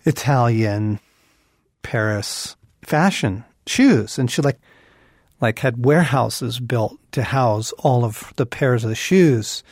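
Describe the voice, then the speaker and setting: A middle-aged man co-hosting a Christian podcast, talking earnestly and swinging from quiet musing to emphatic bursts. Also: medium pitch, slow pace, no echo, clean studio sound. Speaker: podcast co-host.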